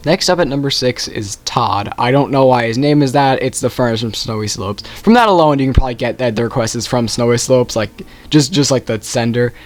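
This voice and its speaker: A man's voice: medium pitch, brisk, few pauses, soft background music. A young man casually ranking video game quests, rambling and correcting himself often. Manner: rambling, self-correcting, with frequent "like". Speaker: gaming youtuber.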